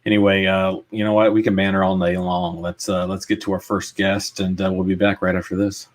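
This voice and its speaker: Relaxed joking co-host, lowish voice. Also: male voice, fairly quick. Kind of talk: casual chat.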